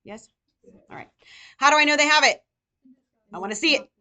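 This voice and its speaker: A woman nursing tutor lecturing a live class, firing rapid questions at her students. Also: high-pitched, lively intonation, sharp tone.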